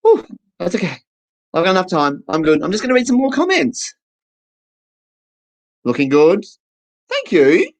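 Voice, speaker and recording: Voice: mid-range voice, wildly swooping pitch, moderate pace, pauses often, low-quality recording. A performer with an Australian accent telling a self-mocking comic story and acting out the voices. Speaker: stand-up performer, voicing a deaf comedian's set. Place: online festival stage.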